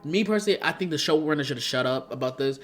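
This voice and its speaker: A man's voice: a little high, animated, very fast, a bit bright. A young man ranting casually in an opinion vlog, rambling and exasperated, full of slang and fillers. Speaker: YouTube commentator. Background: faint background music.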